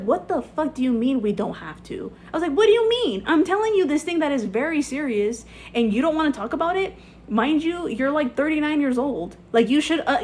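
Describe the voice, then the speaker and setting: A woman's voice: medium pitch, a little mellow, slight background noise. A young adult woman telling a personal story in a candid, rambling way, with lots of swearing and fillers. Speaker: vlogger. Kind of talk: casual storytime chat.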